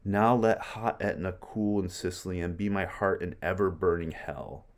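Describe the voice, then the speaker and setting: A man's voice: sits low, steady tone, normal speed, a little hiss or hum, close to an everyday voice. A man reading aloud the lines of a grieving old Roman father who vows revenge, declaiming the verse. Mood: grim.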